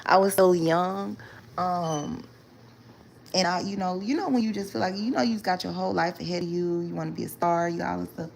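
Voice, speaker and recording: A young woman spins a long personal story for her viewers, leaning on slang, fillers and "right?" tags. Her voice sits low and carries a gravelly fry. A faint background hiss runs under it. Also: fairly even intonation, brisk. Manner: chatty, loose slang, many fillers and "right?" asides. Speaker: storytime vlogger.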